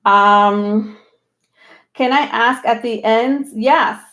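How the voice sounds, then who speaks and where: A woman hosting a tarot live stream, talking casually, a little out of breath, rambling with many pauses and restarts. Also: fairly high pitch, a bit bright, dull audio. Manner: rambling, many ums and restarts, laughs often. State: slightly out of breath.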